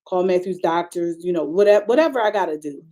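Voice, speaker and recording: A middle-aged woman pastor preaching a sermon in a conversational, vernacular style that keeps rising into emphatic, high-pitched bursts. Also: animated, brisk, mellow.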